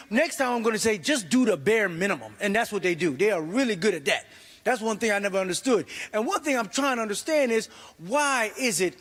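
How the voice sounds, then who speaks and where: A middle-aged man from New York doing a stand-up comedy set, animated and acting out his family in voices. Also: high-pitched, long reverb tail.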